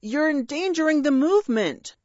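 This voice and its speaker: A woman's voice: high voice, expressive, moderate pace, darkish tone, dry recording, lo-fi sound, voice pushed up. A woman voicing an earnest, bumbling young male dragon who speaks in a flustered, grandly heroic way in an audiobook reading.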